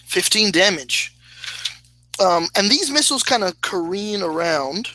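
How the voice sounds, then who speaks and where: A man narrating as game master of a tabletop game, speaking slowly with hesitant fillers and laughing at his own slips. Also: high voice, animated, sharp tone, poor audio. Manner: slow, hesitant, laughs at himself.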